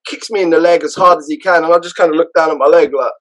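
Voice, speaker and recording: A man with a London accent, a podcast guest and karate instructor, telling stories casually in an animated way, with frequent restarts. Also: a little high, racing, low-quality recording. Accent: London English. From London, England. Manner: animated, acts out others' voices, frequent restarts. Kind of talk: casual storytelling.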